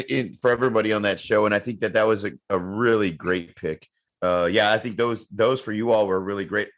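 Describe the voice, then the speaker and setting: A man's voice: lowish voice, fairly bright tone. Rambling man in casual podcast chat. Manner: rambling, repeats words, joking. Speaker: podcast co-host.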